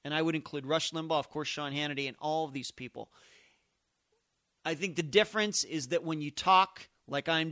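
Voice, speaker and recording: A man's voice: on the high side, sharp tone, no room sound, clean studio sound. A man hosting a solo podcast, thinking aloud in emphatic, musing commentary. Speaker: podcast host.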